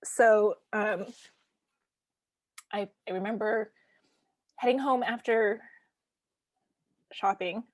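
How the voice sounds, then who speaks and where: A woman from Canada, hosting a podcast and telling a personal story in a casual, halting way, with many fillers and restarts and sometimes a hushed near-whisper. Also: medium pitch, no room sound. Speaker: podcast host.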